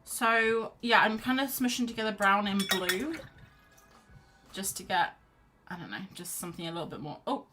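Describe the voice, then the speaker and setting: A woman with a medium-pitched voice speaks at a normal speed while live-streaming her painting from home. Bundled in a blanket on the sofa, this art streamer is chatty and rambling, reading out chat and giving herself encouragement, with quiet background music.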